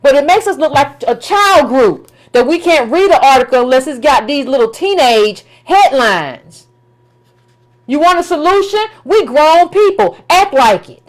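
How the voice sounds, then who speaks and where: A high-pitched woman delivering a political commentary rant. She talks in an emphatic, colloquial way, circling back on her words and firing off rhetorical questions. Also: animated, measured pace.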